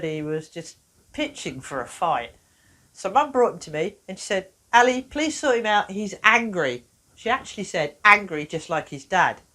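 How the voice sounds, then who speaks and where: Animated woman telling stories. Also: mid-range voice. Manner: lively storyteller, acts out dialogue. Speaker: therapist and trainer giving a workshop talk. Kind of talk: animated talk to an audience.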